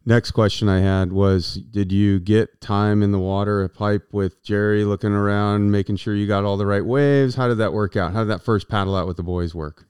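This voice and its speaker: A man hosting a casual interview, asking loose, relaxed questions. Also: on the low side, normal speed, few pauses, smooth, no echo, studio quality. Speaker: host.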